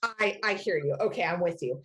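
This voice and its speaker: A woman's voice: fairly low pitch, crowd noise. A woman narrating as game master in a casual, filler-heavy way. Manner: casual, many fillers, quick to laugh.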